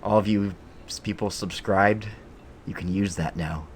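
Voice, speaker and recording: Man, game streamer, very low voice, casual rambling chat, faint noise. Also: fairly even intonation, a little slow. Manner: rambling, joking with chat, distracted.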